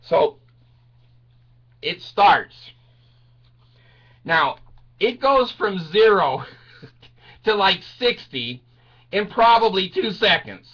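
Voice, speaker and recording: An older man telling a rambling comic story, laughing through his words, crude and self-mocking, swinging from low mutters to high yelps. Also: sing-song, extremely slow, long pauses, bright, forceful tone, breathy edge, highs cut off.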